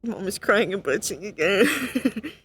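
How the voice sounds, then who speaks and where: A woman's voice: medium pitch, big pitch swings, a little slow, slight background noise. A young woman streaming casual commentary as she watches a role-play, laughing often and mocking herself.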